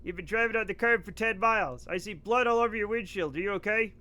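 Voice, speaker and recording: A man's voice: high-pitched, quick pace, sharp tone. A man voicing a concerned, polite police officer during a casual stream, close to his own voice.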